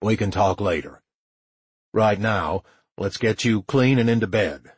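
A male narrator voicing a worried young man who speaks in a calm, reassuring way with a husky tone. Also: lowish voice, unhurried, no room sound. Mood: soothing.

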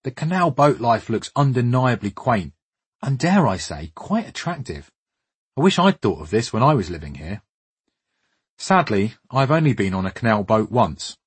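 A man's voice: mid-range voice, very animated, moderate pace, breathy edge, no room sound. A man reading scripted documentary narration in a wry, understated way with dry humour. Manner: wry, understated, dryly humorous. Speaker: travel documentary presenter.

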